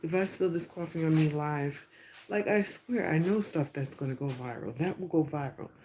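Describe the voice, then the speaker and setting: A woman's voice: deep voice, normal speed. A woman hosting a casual live stream from home, chatting in a rambling, half-whispered way as she walks out to her porch. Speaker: podcast host. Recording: echoey, noisy phone livestream.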